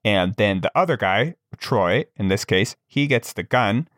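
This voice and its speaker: A man with a low voice talks casually on a podcast. He tells a long, rambling story with plenty of fillers and restarts, recorded dry and close to the mic. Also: animated, unhurried, fairly bright tone, dry recording. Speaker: podcast co-host. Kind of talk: casual chat.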